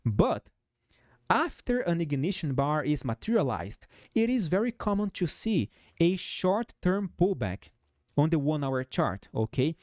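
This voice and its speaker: Lively accented man breaking down stock charts. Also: a little high, measured pace, no room sound, clean studio sound. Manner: peppers talk with "okay?", "right?" and "guys"; speaks with a noticeable foreign accent. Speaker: stock market analyst host. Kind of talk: technical chart analysis commentary.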